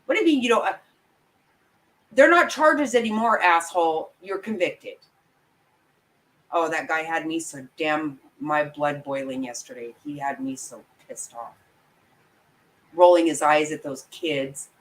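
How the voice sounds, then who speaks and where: A woman's voice: sits low, unhurried, long pauses, low-quality recording. A woman giving angry, blunt, profane commentary as a vlogger, talking straight to her viewers. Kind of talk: opinionated live commentary.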